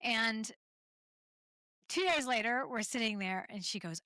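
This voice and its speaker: A woman's voice: fairly high pitch, animated, measured pace, pushed and bright, clear, resonant tone, no room sound, clean studio sound. A woman from Canada hosting a solo podcast, telling rambling, laughing travel stories full of fillers. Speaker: podcast host.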